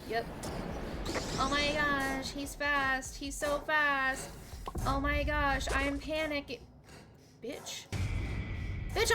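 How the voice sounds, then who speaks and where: A young woman streaming a game live, talking to chat while she plays, exclaiming, swearing and ranting about her teammates. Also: high-pitched. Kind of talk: live gameplay commentary.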